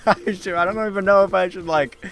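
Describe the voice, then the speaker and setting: Fairly quick and fairly bright, this young streamer's voice sits high and keeps a steady tone. While gaming, he rambles casually to his chat, swearing and poking fun at himself.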